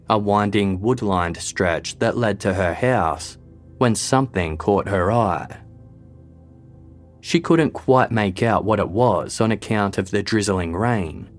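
A man giving a scripted true-crime narration in a measured, even storytelling delivery. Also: fairly low pitch.

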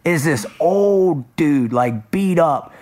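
Male podcast co-host, fairly high pitch, emphatic and energetic, stumbles into quick restarts. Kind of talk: casual storytelling chat.

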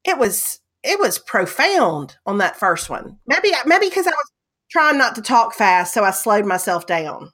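A middle-aged woman with a strong Southeast Texas accent, chatting in an animated, self-mocking way as a podcast co-host. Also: on the high side, measured pace. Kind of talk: casual chat.

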